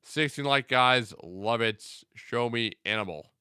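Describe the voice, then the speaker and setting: Bright, laid-back young man. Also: mid-range voice, unhurried, clean tone, dry recording, clean studio sound. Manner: laid-back, rambling, filler-heavy. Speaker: livestream host. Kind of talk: casual livestream chat, reading out viewer comments.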